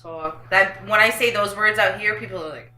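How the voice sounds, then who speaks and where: A chatty woman with a New York accent and a bright, forceful voice, telling stories and laughing often. She is recorded in an echoey room. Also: mid-range voice, a little fast. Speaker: guest. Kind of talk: casual podcast chat.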